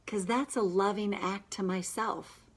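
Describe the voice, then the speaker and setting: A woman practitioner guiding listeners through a tapping session with slow, emphatic affirmations. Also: mid-range voice, fairly even intonation, breathy edge.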